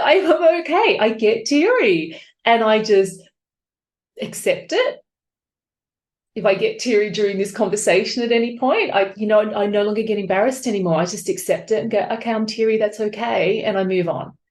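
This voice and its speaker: A woman author being interviewed on a podcast, talking openly and with feeling, acting out voices as she tells stories. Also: mid-range voice. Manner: open, emotional, animated storytelling. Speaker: author guest. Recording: echoey room.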